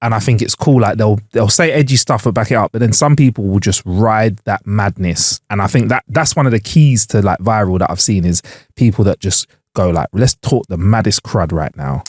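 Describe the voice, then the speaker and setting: A man's voice: on the low side, brisk, darkish tone, no room sound, studio quality. A young man co-hosting a podcast, chatting in a laid-back, slangy way. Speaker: podcast co-host. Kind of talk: casual chat.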